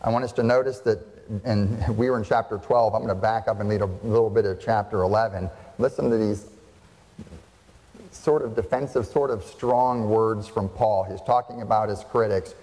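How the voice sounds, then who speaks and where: A man's voice: fairly low pitch, fairly even intonation, moderate pace, dark tone, long reverb tail. A male pastor preaching a sermon, pressing the congregation with rhetorical questions and repeating key phrases for emphasis.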